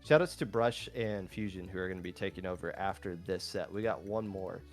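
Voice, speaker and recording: A man's voice: sits low, fairly quick, soft background music. A man casting a live tournament stream with easygoing, joking banter. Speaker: esports commentator.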